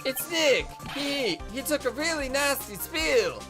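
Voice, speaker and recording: A woman voicing an excitable, panicky young man who stammers and shouts his lines. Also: high voice, slow pace, full character voice. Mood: frantic. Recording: game music playing underneath.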